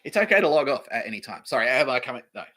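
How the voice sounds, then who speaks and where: A man's voice: mid-range voice, big pitch swings, very fast, bright, forceful tone. A young Australian man hosting a podcast, rambling through a profane, sarcastic comedy monologue and often laughing at himself. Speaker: podcast host.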